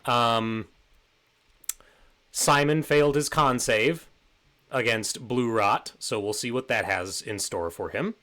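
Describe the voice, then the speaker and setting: A man narrating as game master of a tabletop game, relaxed and rambling with many fillers. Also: medium pitch, slow, pauses often.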